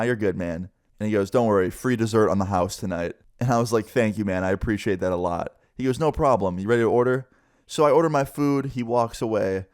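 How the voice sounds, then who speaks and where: A young man telling a personal story to camera in a casual storytime vlog, animated and swearing casually. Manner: animated, quick shifts in pitch, swears casually.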